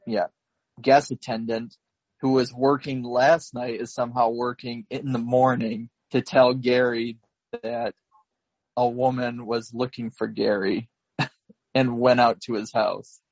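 A man co-hosting a podcast, slowly recapping a film plot in casual chat, with lots of fillers and laughs. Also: medium pitch, flat delivery, dry recording, highs cut off. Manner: slow, rambling recap with frequent fillers and laughs. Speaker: podcast co-host.

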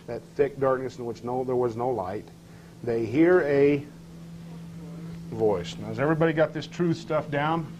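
A man teaching a scripture class in a room, his voice sitting at an ordinary middle pitch. He keeps questioning his listeners and reads verses aloud with rising emphasis. A faint hum runs underneath the recording.

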